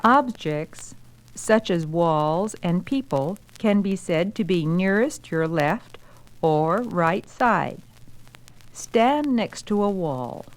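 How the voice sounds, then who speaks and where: A woman giving scripted instructional narration for an educational film, calm and deliberate with step-by-step directions. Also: lowish voice, low-quality recording.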